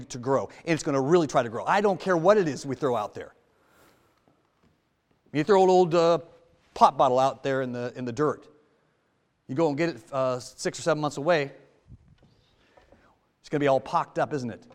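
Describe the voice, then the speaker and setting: A man preaching a sermon in a church, talking to the congregation with rhetorical questions and swinging from loud to hushed. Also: medium pitch, moderate pace, pauses often, big-room sound. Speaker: lay preacher.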